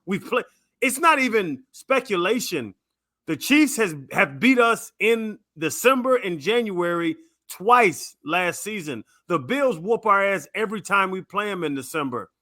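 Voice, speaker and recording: A man's voice: high-pitched, animated, pushed and bright, no echo, studio quality. A man co-hosting a sports radio show, arguing his opinions in a casual debate and rattling off lists of names. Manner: opinionated, lists names in quick runs, argues his point. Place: radio studio. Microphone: studio microphone.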